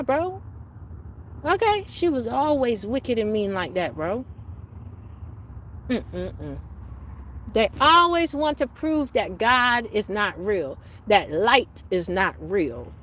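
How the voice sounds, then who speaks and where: A woman venting angrily in a monologue, cursing and swinging from low mutters to loud outbursts, recorded on a phone. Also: big pitch swings, a little slow, a little hiss or hum. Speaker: vlogger living in a tent.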